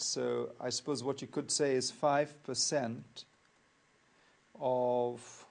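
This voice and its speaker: An accounting tutor records a lecture, working through examples in a measured, methodical way and repeating key points. His voice is medium-pitched, flat in delivery and gravelly.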